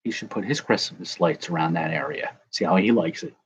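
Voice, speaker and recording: A man's voice: sits low, fairly quick, a little hiss or hum. A man opening baseball cards on camera, joking and rambling to his viewers in casual commentary. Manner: jokey, rambling, talks to viewers. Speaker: card-breaking vlogger. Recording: dull lo-fi sound, faint ambience.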